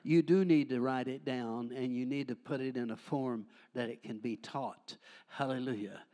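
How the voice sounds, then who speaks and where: A man's voice: mid-range voice, steady tone, normal speed, dark tone. An older man preaching a charismatic sermon, fervent and folksy, breaking into frequent hallelujahs and jokes.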